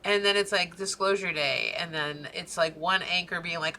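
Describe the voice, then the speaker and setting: Bright-voiced woman ranting profanely. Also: fairly low pitch, steady tone, normal speed, hardly any pauses. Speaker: podcast co-host. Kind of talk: casual chat.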